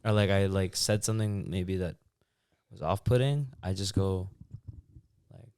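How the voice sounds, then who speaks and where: A man's voice: low voice, a little slow, background noise. A young man co-hosting a podcast, talking in a thoughtful, laid-back way with many likes. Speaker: podcast co-host. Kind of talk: casual reflective chat.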